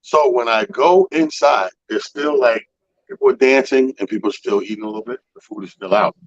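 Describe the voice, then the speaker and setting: Male radio host, animated profane storyteller, husky and dry. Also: mid-range voice, a little fast, no echo, muffled recording. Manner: animated storyteller, acts out people's quotes, profane. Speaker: comedy show organizer. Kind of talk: casual storytelling chat.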